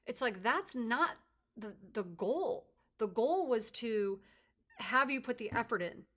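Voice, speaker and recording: A middle-aged woman hosting a podcast, chatting casually with her daughter and telling a lively family story. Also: a little high, slow. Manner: animated storytelling, mimics voices in anecdotes. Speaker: podcast host and mother. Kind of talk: casual conversation.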